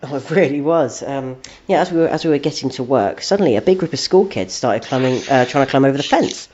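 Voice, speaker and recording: A man co-hosting a podcast plays along with a made-up story in a hesitant, dry way. He speaks at a middle pitch, with many pauses. The sound is dull and lo-fi. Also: expressive, a little mellow, a little hiss or hum. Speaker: podcast co-host. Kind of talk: comic storytelling. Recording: dull lo-fi recording.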